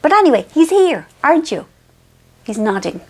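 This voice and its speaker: A woman's voice: high voice, very animated, normal speed, darkish tone. A middle-aged Irish woman telling a rambling, self-mocking story in a casual monologue. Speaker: author and vlogger.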